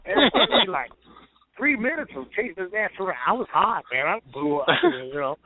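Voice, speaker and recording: A man's voice: high-pitched, big pitch swings, brisk. A man, a retired pro wrestler, telling rambling, profane stories as a guest on a phone interview. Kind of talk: casual storytelling over the phone. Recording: tinny phone line.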